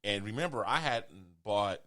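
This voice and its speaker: Podcast host, man, bright voice, animated storyteller who performs the quotes. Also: measured pace. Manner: animated, acts out quotes with rising pitch. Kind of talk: casual storytelling chat.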